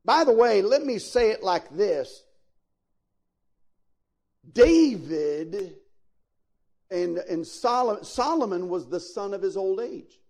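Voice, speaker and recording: Pastor guy preaching slow, high gravelly voice, talks right to the folks, big swells now and then. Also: lively intonation, darkish tone. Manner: preaching with sudden emphatic swells; folksy, addresses listeners directly. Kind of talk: sermon.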